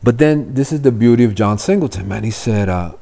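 A brisk, gravelly, lowish voice belongs to a middle-aged man from Miami with Cuban roots. Guesting on a podcast, he tells casual stories animatedly, swearing and impersonating the people in them.

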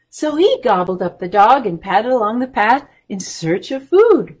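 Children's librarian at story time, animated, asks the kids questions, high voice. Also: female voice, normal speed, hardly any pauses, breathy edge. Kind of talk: reading a picture book aloud to children.

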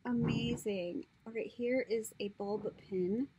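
A woman's voice: on the high side, fairly even intonation, slow pace, few pauses, warm tone, slight background noise, rough recording. A woman gushing over craft supplies she received in the mail, gasping and often dropping into a whisper as she talks. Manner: gushing, breathy gasps, drops into whispers. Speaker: crafter opening happy mail. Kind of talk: casual unboxing chat.

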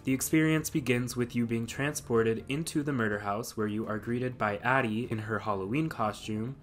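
A man's voice: medium pitch, normal speed. A man narrating a scripted video essay, with dry sarcastic asides.

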